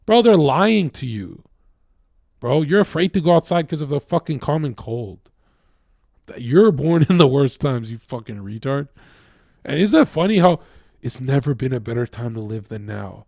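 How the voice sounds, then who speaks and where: A man ranting casually to viewers, profane and combative, swinging from loud outbursts to low mutters. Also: animated, normal speed, gravelly, dry recording, clean studio sound. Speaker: streamer.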